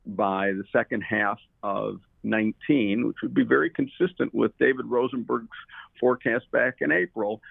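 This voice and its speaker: A man's voice: lowish voice, gravelly, dry recording. A man speaking as a guest in an interview, rambling with many fillers and restarts. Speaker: guest commodities trader. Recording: tinny phone line.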